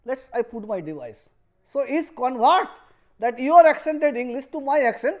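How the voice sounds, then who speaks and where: A man's voice: very high voice, animated, moderate pace, dull audio. A middle-aged male professor from a Bengali-speaking background, speaking English with a Bengali accent in a university lecture, often restarting and repeating phrases.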